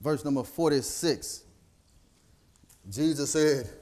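High-voiced preacher building to fervent peaks. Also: male voice, slow pace, dark tone. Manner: rising to near-sung emotional peaks; quotes scripture by chapter and verse. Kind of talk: sermon.

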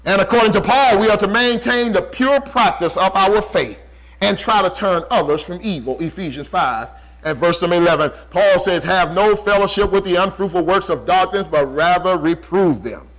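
A man delivers a sermon in a high voice, swinging between loud, pressing passages and near-hushed lines. He slows right down to stress key phrases and repeats them to drive the point home. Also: poor audio. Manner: preaching with dramatic swings in volume and slow, drawn-out emphasis. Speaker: preacher.

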